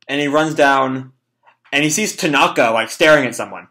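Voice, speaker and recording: A man's voice: medium pitch, moderate pace, bright, forceful tone. A young man reading and reacting to a manga chapter in casual, rambling talk with swearing and lots of fillers.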